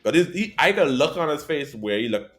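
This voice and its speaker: Male podcast host, lively up-and-down delivery, casual anime chat, faint music underneath. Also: fairly high pitch, fairly quick. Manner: animated storyteller, swings between loud and quiet.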